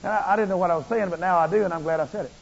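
A male preacher giving a fervent, repetitive sermon that rises into shouts. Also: sits high, racing, gravelly. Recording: muffled, long hall reverb.

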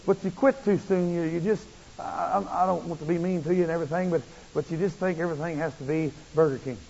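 A male preacher giving a fervent, repetitive sermon that rises into shouts. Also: on the high side, steady tone, fast, vocal fry, a little hiss or hum. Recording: muffled, long hall reverb.

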